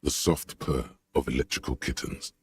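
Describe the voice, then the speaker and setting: A man voicing a grave omniscient game narrator, with slow, measured descriptive delivery. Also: steady tone, a little mellow. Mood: solemn. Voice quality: very deep, gravelly voice. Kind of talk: scripted narration.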